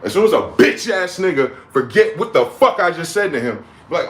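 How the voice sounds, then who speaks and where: A man in his forties hosting a livestream, ranting with heated outbursts that drop to low mutters. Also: very animated, normal speed, few pauses. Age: 40s. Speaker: livestream host. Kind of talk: profane rant. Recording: echoey room with faint background noise.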